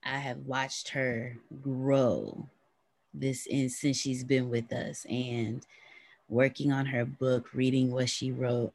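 Very low-voiced polite woman, dry sound. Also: level tone, darkish tone, no echo. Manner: polite, measured. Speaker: meeting participant.

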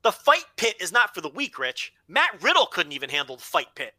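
A man co-hosting a casual wrestling podcast with a bright, forceful voice. His pitch swings widely as he talks emphatically and playfully, repeating phrases for comic effect. The recording is dry and close. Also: huge pitch swings, brisk, dry recording. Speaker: podcast co-host.

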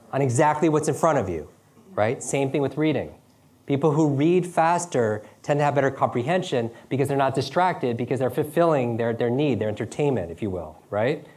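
A middle-aged man giving a lively seminar talk, quick and questioning, often asking his audience "right?". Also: fairly high pitch. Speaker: speaker teaching speed reading.

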